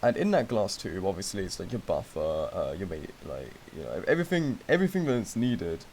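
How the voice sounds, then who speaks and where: A man's voice: sits low, very animated, fairly quick, a little mellow, a little hiss or hum. A young man streaming, telling a rambling story in casual chat with lots of fillers and acted-out quotes. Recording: music playing behind.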